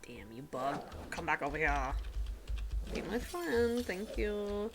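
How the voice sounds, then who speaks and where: A woman streamer talks through her game from home at an easy, unhurried pace. Her voice carries a gravelly fry and swings widely between low mutters and high squeals. She is chatty and giggly, slipping into hushed, whispery asides. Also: big pitch swings, noisy background. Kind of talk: casual gameplay commentary.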